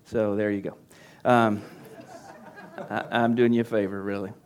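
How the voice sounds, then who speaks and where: A pastor teaching church leaders at a conference workshop, talking conversationally and getting animated when he acts out his coaching. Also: lowish voice, a little slow. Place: conference session room.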